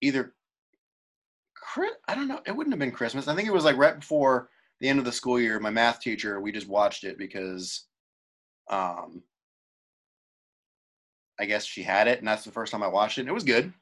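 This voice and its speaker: A young man with a bright, forceful voice talks in a loose, rambling way. He stops and restarts often as he chats with a co-host. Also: mid-range voice, lively intonation, normal speed, long pauses. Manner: rambling, self-interrupting, frequent restarts. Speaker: podcast co-host. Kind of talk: casual chat.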